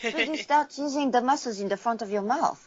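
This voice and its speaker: A woman's voice: a little high, brisk. A woman from the United States, a voice actor and dialect coach, explaining things in a casual interview and demonstrating sounds with her voice. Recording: slightly muffled interview audio.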